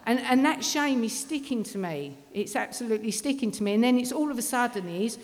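A woman's voice: fairly high pitch, animated, a little fast, few pauses. A middle-aged woman telling a blunt, swearing personal recovery testimony. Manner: blunt, swearing, working-class London speech. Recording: long reverb of a hall.

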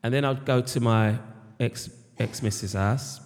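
A man's voice: mid-range voice, a little slow, darkish tone. A middle-aged British man giving a candid personal testimony about his recovery, rambling and repeating words and phrases. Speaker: speaker sharing his recovery story. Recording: long hall reverb.

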